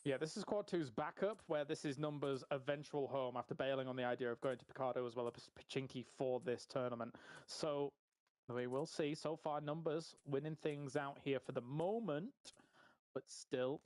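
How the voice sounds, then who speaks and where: A man's voice: mid-range voice, moderate pace, a little mellow, dry recording. A man in his thirties doing live play-by-play esports commentary, upbeat and bantering with his co-caster. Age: 30s.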